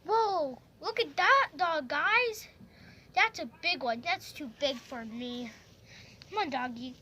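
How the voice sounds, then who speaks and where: Casting: chatty vlogger woman, high and bright, very lively delivery, faint hiss behind. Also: slow. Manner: excitable, chatty, talks to viewers. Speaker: vlogger narrating toy play. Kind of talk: pretend-play vlog narration.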